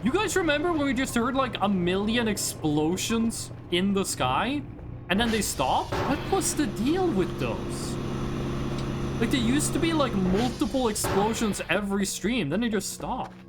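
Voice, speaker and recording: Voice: mid-range voice, sing-song, a little slow, heavy background noise. A streamer from Norway, a native Norwegian speaker, chatting casually and joking with viewers while playing a game. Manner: chatty, jokey, reacting loudly with laughs. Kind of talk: casual live-stream chat.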